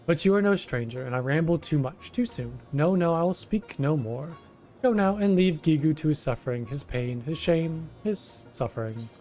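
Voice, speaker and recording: A man's voice: on the high side, expressive, moderate pace, darkish tone, soft background music, natural voice. A man voicing a whiny, self-pitying male kobold foreman who repeats himself in strings of synonyms. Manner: repeats words in lists of synonyms, pleading.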